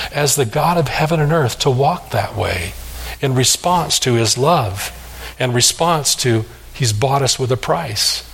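Male pastor, sermon, earnest, emphatic, slows for stress, mid-pitched voice. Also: vocal fry, fairly bright tone, husky. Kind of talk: expository sermon.

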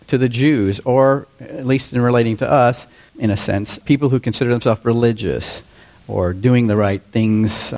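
A man in his fifties preaching a sermon to his congregation in a relaxed, conversational way, often asking them questions. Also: mid-range voice. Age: 50s. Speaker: pastor.

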